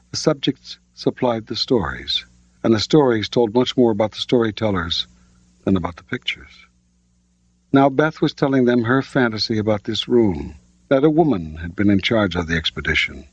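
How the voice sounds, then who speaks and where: An older man reading an audiobook in a measured, plain storytelling manner. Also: on the low side, slightly rough, no echo. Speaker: audiobook narrator. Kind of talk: audiobook narration. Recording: dull lo-fi audiobook recording.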